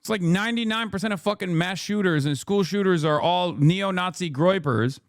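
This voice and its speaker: An American man in his thirties rants heatedly as a political streamer, swearing often and repeating his points. His voice sits high. The sound is dry and close. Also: moderate pace, no echo. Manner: heated, profane, repetitive ranting. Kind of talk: ranting commentary.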